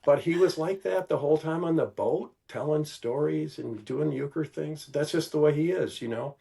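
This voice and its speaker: An older man from Milwaukee, telling stories as a podcast guest in an animated, casual way, peppered with "you know". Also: on the high side, normal speed, gravelly, husky. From Milwaukee, Wisconsin. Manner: animated, acts out quoted voices, many "you know"s. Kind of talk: casual storytelling.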